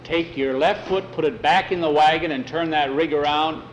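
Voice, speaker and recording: A gruff, menacing ranch guard barking orders in a hard, curt way, as a male storyteller puts him on. The voice is fairly high for a man, loud and pushy. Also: normal speed, dull audio, slight background noise, lightly acted. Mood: threatening.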